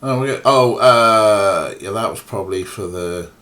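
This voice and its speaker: A man's voice: on the low side, a little slow, sharp tone. A young man streaming an old adventure game, giving sarcastic, swearing commentary. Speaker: let's play streamer. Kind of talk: casual gameplay commentary.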